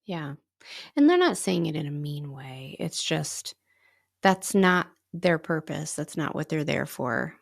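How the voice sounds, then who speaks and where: Low, gravelly-voiced woman podcast host. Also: animated, unhurried. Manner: reflective, gently reassuring, laughs easily. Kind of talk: casual spiritual podcast chat.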